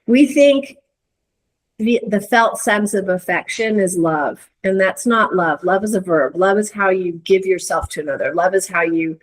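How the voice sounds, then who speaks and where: A middle-aged woman, a guest in a conversation, telling a reflective story with many restarts and searching pauses. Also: medium pitch, poor audio. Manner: earnest, searching, lots of hedges and restarts. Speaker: interview guest.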